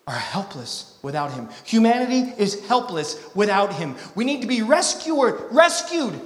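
A man from Utah preaching a sermon, swinging between hushed, intimate lines and loud, emphatic ones. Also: high voice, big pitch swings, normal speed, few pauses. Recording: echoey hall.

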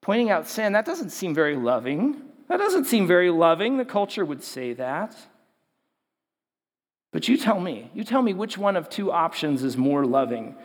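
High-voiced man preaching in a reverberant hall. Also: very animated, normal speed. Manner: conversational storytelling, acts out quotes. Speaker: youth pastor. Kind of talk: sermon to young people.

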